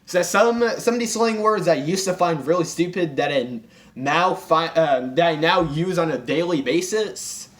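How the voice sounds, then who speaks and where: A young man with a high voice rants for comedy, sounding exasperated as he piles up fillers and false starts. His talk is casual and self-interrupting. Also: lively intonation, normal speed. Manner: exasperated, full of fillers and restarts. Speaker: commentary vlogger. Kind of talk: comedic rant.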